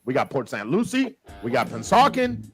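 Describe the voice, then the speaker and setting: A man hosting a casual livestream, greeting viewers with lively shout-outs and dropping in Spanish phrases. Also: medium pitch, moderate pace, music in the background. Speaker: show host.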